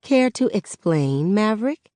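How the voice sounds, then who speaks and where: A woman voicing a firm, wry middle-aged mother who speaks in a calm, pointed way in an audiobook. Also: mid-range voice, measured pace, no echo, studio quality, pitched above the performer's own voice.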